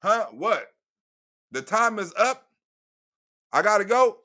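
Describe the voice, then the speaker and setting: A man's voice: high voice, very animated, slow pace, bright, forceful tone, full character voice. A man putting on a cranky old male president who rambles, curses and stammers through restarts. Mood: dismissive.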